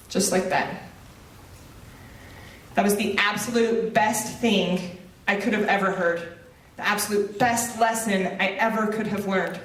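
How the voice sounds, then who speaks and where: A woman's voice: mid-range voice, fairly even intonation, unhurried, long pauses, a bit bright, distant mic. A woman giving a motivational speech, telling a personal story with humor and direct lines. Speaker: motivational speaker. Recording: roomy echo, voice off mic.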